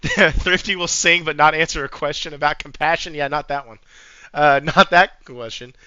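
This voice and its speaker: A man hosting a podcast in casual chat, animated and joking, swearing freely. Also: a little high, moderate pace, clear, resonant tone, dry recording. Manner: animated, swears, jokes and sings bits. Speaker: podcast host. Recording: dull lo-fi sound.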